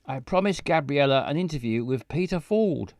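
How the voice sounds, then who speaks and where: A man's voice: a little high, expressive, normal speed, a little mellow, dry recording, studio quality. A man reading the lines of an anxious, dramatic young woman protagonist in a game. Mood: fretful. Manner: fretful, dramatic.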